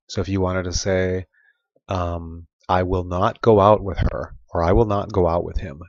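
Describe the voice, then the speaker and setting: A man teaching a recorded Spanish grammar lesson, explaining patiently and repeating example phrases slowly. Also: low voice, fairly even intonation, no room sound. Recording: dull lo-fi sound, dry.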